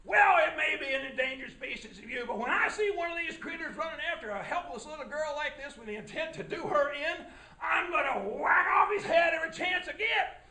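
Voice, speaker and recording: A man voicing a rough, boastful woodcutter who talks in a blunt, folksy and loud way. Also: very high-pitched, animated, brisk, noisy background. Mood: defiant. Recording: echoey room.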